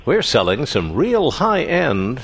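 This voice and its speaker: A man on a radio quiz show, reading limericks in a steady rhythm. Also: mid-range voice, takes it slowly, vocal fry, slight background noise.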